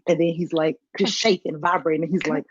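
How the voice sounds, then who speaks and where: A woman doing stand-up, telling animated stories and acting out the people in them. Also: low voice, a little fast, breathy edge, no room sound. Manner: animated, acts out characters in her stories. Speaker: stand-up comic. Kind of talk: stand-up storytelling. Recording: dull lo-fi stream audio.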